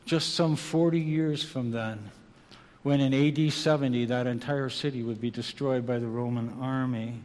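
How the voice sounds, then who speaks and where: Slow, dramatic preacher in a reverberant hall. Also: male voice, on the high side. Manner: slow, dramatic, swings from hushed to loud. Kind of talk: evening sermon. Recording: long reverb of a large hall.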